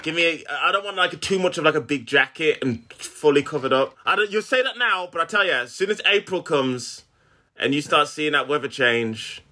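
A man's voice: a little high, animated, normal speed, pushed and bright. A man in his thirties co-hosting a comedy podcast, talking in a laid-back, rambling way with frequent laughter. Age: 30s. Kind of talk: casual chat.

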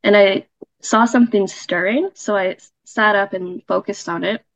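A woman's voice: medium pitch, fairly even intonation, normal speed, no room sound, lo-fi sound. Chatty woman telling a personal story. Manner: chatty, with frequent fillers and laughs. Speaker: podcast guest sharing a story. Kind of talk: casual storytelling.

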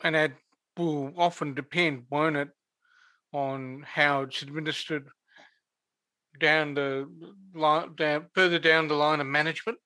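Guy host, wry jokes, kinda high bright voice, dead dry sound. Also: fairly even intonation, a little slow, no echo. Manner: wry, joking asides. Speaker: podcast host. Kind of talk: interview chat.

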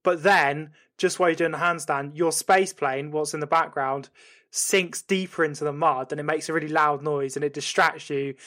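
Male podcast co-host, comic storyteller, animated sweary delivery. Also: fairly high pitch, normal speed. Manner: animated, sweary retelling with lots of "you're like".

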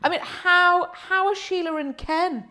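A woman's voice: very high voice, fairly even intonation, measured pace, pushed and bright. A woman co-hosting a podcast, chatty and bubbly, often breaking into laughter. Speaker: podcast co-host. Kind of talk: casual chat.

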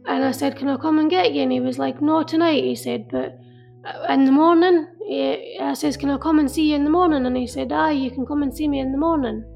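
A woman telling an emotional personal story in an earnest, halting way, often repeating herself. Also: high voice, steady tone, vocal fry. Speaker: interviewee. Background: soft music.

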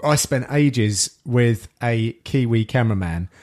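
A man hosting a podcast, telling stories in casual chat with animated, sweary delivery. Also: mid-range voice, measured pace. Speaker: podcast host and sports commentator.

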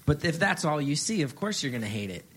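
A man from New Jersey, a guest on a live podcast, trades deadpan jokes in a voice pitched a little higher than most men's. He laughs easily through his own punchlines. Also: quick pace, slight background noise. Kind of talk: casual live podcast chat.

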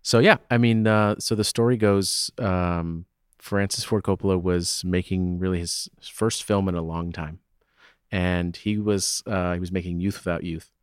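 A man in his thirties speaks in a very deep voice as a guest on an interview podcast. He argues his points emphatically, often checking in with "right?". The recording is dry and close, with no room sound. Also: steady tone, normal speed, clear, resonant tone, no echo. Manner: emphatic, keeps asking "right?" to drive points home. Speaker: theater owner and festival director guest. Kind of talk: conversational interview.

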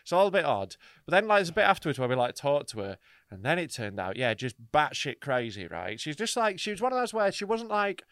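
A man, a comedian co-hosting a podcast, telling a story in a casual, animated, sweary way with frequent laughs. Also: fairly high pitch, brisk, clear, resonant tone, no room sound, studio quality.

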